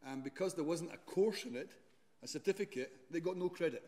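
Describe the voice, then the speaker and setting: A man's voice: on the high side, brisk, dark tone, big-room sound. A man, a university lecturer giving a chatty, rambling talk and often correcting himself. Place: lecture hall.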